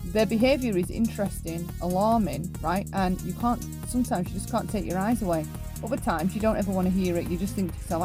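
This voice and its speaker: A woman hosting an opinion commentary, talking emphatically and often tagging her points with a question. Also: medium pitch. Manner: emphatic, keeps asking "right?". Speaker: commentary channel host.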